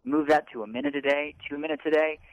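A man's voice: on the high side, monotone, fast, dry recording, narrow, tinny audio. A man co-hosting a self-help talk show, rambling earnestly and acting out his own inner thoughts. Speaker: co-host.

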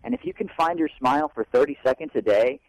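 A man's voice: on the high side, big pitch swings, fast talker, vocal fry, darkish tone, dry recording, rough recording. An earnest man co-hosting a self-help show, talking in a loose, rambling way. He drifts into playing out the chatter in his own head. The sound is close and dry. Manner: earnest, rambling, acts out inner voices. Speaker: co-host.

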